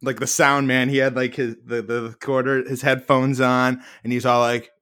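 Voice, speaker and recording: On a laid-back podcast, a co-host with a smooth, medium-pitched voice recounts stories at a moderate pace. He brings them to life by voicing the people involved.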